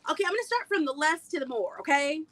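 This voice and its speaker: High-voiced chatty woman streamer. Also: animated, quick pace, fairly bright tone. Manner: chatty storyteller who laughs often. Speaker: vintage haul livestream host. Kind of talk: casual livestream chat. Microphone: webcam on a video streaming app.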